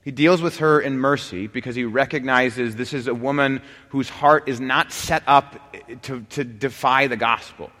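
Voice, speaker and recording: A man of middle pitch teaches scripture in a lively, digressive way, stumbling and restarting as he goes. His voice carries a long reverb, as if recorded in a large hall. He rises and drops in volume as he builds his points. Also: moderate pace, few pauses. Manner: animated, many restarts and asides. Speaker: preacher. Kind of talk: Bible teaching.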